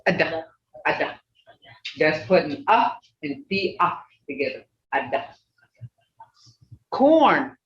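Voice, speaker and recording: Older woman, language teacher, slow and patient, lively pitch, roomy lo-fi call audio. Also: recorded from a distance, slight background noise. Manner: patient, repeats words slowly for learners. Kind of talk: online language class. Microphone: video call.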